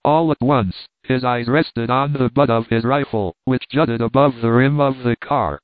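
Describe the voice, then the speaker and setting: A man narrating an adventure storybook in a steady, measured reading. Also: medium pitch, no echo. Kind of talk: audiobook narration. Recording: tinny, phone-like and dry.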